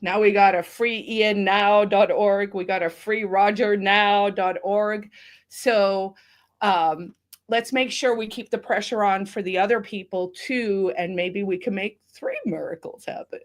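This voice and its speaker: A woman's voice: medium pitch, fairly even intonation, a little slow. A woman from South Africa, a guest on a podcast, talking in a chatty, emotional way, teary and tired. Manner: chatty, emotional, laughs often. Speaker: guest, activist. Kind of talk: casual podcast chat.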